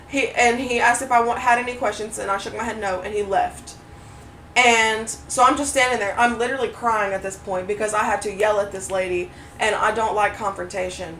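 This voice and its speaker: A woman co-hosting a podcast, telling a story in a casual, animated way, swearing freely and acting out what others said. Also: mid-range voice. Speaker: podcast co-host. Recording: roomy echo, mic at a distance, faint noise.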